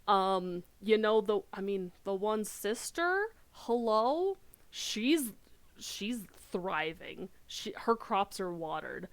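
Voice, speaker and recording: A woman game streamer chatting casually while she plays, excitable and rambling, full of fillers and quick bursts. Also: medium pitch. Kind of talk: casual chat while playing.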